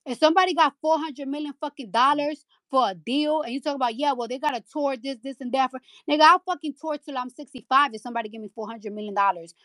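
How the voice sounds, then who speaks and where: New woman going off on a live chat, high voice, repeats herself, dry phone mic. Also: quick pace, few pauses, bright, forceful tone, no room sound. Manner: heated, profane, repeats lines for emphasis. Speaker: rapper hosting a live audio chat room. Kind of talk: angry live-stream rant.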